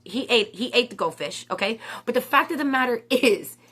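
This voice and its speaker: A woman's voice: a little high, lively intonation, a little fast, fairly bright tone. A woman in her forties telling a rambling story to camera in a casual vlog, chatty and self-mocking, often checking in with "okay?". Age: 40s. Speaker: vlogger.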